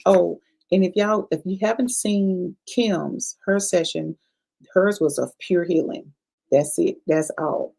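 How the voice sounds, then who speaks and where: A woman's voice: fairly low pitch, vocal fry, mellow, low-quality recording. A woman practitioner giving a chatty, profane review of a past life regression session to her viewers, repeating herself and calling them y'all. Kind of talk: casual livestream review talk.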